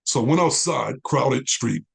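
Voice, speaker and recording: A man, a guest in an interview, telling his life story with animated quoted dialogue. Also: mid-range voice, a little slow, creaky, husky. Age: 40s.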